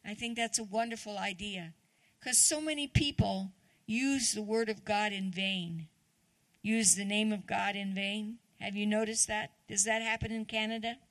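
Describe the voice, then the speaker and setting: A woman's voice: mid-range voice, a little slow, dry recording. A woman guest preacher giving a chatty, conversational sermon, often asking the congregation questions.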